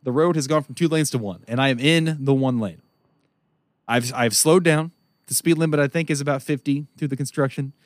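A man telling a long story as a podcast co-host, profane and animated, laughing often. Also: medium pitch, brisk, dry recording. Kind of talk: casual storytelling chat.

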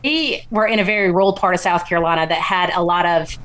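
A woman's voice: lowish voice, fast talker, fairly bright tone, slight background noise. A woman, a small-business founder, talking eagerly and upbeat as an interview guest. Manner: upbeat and eager, laughs easily. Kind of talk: casual interview talk.

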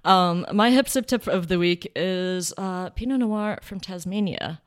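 A woman's voice: lowish voice, unhurried, clean tone. A woman hosting a wine podcast in a playful, rambling, self-mocking chat. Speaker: podcast host and wine expert. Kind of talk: casual chat.

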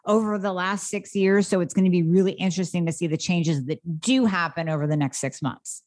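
A woman's voice: fairly low pitch, fairly quick, a little mellow. A woman hosting an interview, talking earnestly and casually about her own plans. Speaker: interview host.

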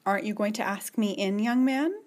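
A woman voicing a stern, commanding middle-aged woman who speaks in brisk, scolding orders. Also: medium pitch, a little mellow, natural voice.

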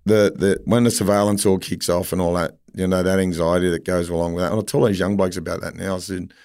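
A man's voice: sits low, fairly even intonation, quick pace, darkish tone. A man hosting a casual interview, telling blunt stories and swearing freely. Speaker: podcast host.

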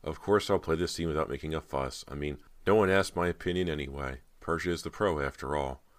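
A man's voice: very deep voice, a little fast, no room sound. A man voicing an anxious teenage girl who longs to find her sister, reading an audiobook. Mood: bitter. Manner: raised voice, emotional and pleading.

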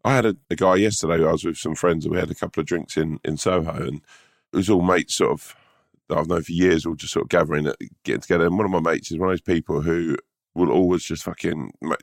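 A man co-hosting a podcast, chatting casually with expressive, quick reactions. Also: sits low, gravelly, no echo, studio quality. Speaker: podcast co-host. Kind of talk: casual chat.

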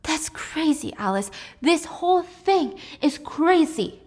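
A woman's voice: high voice, big pitch swings, slow, darkish tone, voice pushed up, full character voice. A woman voicing a dismissive young husband who brushes off his wife, placating and stern. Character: dismissive husband, engineer, tense and controlling.

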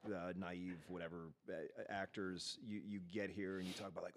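A podcast co-host with a very low male voice who reminisces in an easygoing way. He often trips over his words, repeating and restarting as he goes. The tone stays relaxed and conversational. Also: normal speed. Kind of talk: casual chat.

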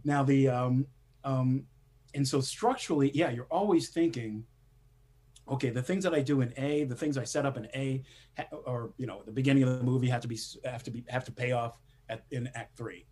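Speaking a little fast in a husky, darkish, medium-pitched voice, this man is an animation screenwriter being interviewed. He talks casually and rambles, with plenty of fillers, restarts, and frequent laughter.

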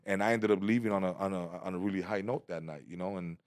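A man telling a stand-up comedy story in a casual podcast interview, slangy and animated, acting out other people's quotes. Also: sits low, fast talker, no room sound, studio quality. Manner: animated, slangy, acts out quotes with big loud jumps. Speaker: comedian guest.

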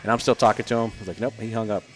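This former Army Ranger and Green Beret, a man in his thirties, talks rapid-fire in a lowish voice over faint background music. As a podcast guest he trades casual stories, animatedly imitating quoted people and swearing without restraint.

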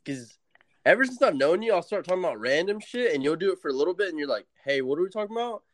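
A man's voice: high-pitched, animated, quick pace, heavy background noise. Laid-back young man, slangy podcast guest. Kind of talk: casual podcast chat.

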